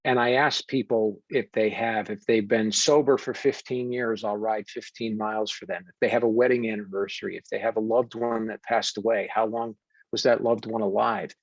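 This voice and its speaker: American male coach, earnest, steady, muffled dry recording. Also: on the low side, no room sound. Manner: warm, deliberate storytelling with frequent fillers. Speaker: wellness coach and podcast guest. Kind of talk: earnest conversational interview. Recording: dull dry remote audio.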